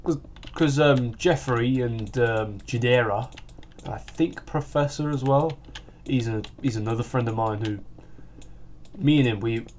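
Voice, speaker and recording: A sixteen-year-old British boy runs a gaming channel and chats casually while he plays. His voice is medium-pitched, unhurried and a little mellow, with slight background noise. He rambles, restarting sentences and saying "like" constantly.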